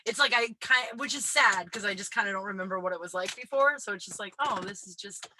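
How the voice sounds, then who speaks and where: A woman hosting her own show, talking casually and rambling, breathy and out of breath, recording in a small closet. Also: mid-range voice, fast, pushed and bright, slight background noise, rough recording. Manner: chatty, full of "like" fillers. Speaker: podcast host.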